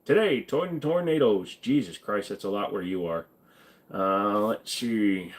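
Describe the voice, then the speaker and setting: A man's voice: fairly low pitch, expressive, unhurried. Crude joking man on a live stream. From Virginia. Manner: crude, joking, reads chat aloud. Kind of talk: casual live stream chat.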